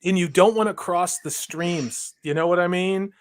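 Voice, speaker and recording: A man's voice: sits high, normal speed, no room sound. A man talking casually on a livestream, blunt and wry, swearing freely. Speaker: co-host guest.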